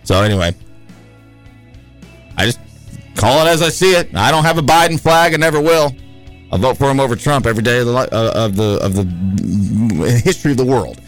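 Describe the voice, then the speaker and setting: A man's voice: medium pitch, animated, fairly quick, faint music behind. A man hosting a radio talk show, talking in an opinionated, conversational and rambling way in a studio.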